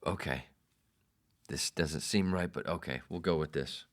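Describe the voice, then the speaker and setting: A man with a deep, low voice tells a rambling personal story on his podcast. He talks casually and animatedly, and his voice jumps up when he mimics the people in the story. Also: a little slow. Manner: animated, mimics others in quoted lines. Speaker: podcast host.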